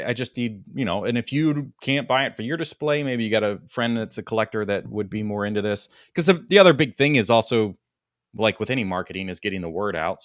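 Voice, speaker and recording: A man hosting a casual podcast, talking in a relaxed, rambling way about products he sells. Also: medium pitch, no echo, studio quality. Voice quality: relaxed, rambling, many fillers. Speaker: host and toy product seller.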